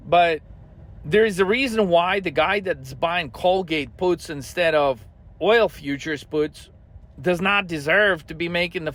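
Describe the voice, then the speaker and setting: A man's voice: high-pitched, a bit bright. A man hosting a trading channel, ranting heatedly and swearing constantly as he comments on the markets.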